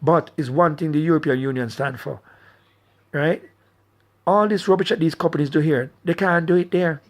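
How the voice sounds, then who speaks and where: A man in middle age vents his anger at politicians in a blunt, combative monologue aimed squarely at his viewers. His voice sits a little higher than most men's. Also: normal speed. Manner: angry, blunt, addresses viewers directly. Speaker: political commentator. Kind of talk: impassioned political rant.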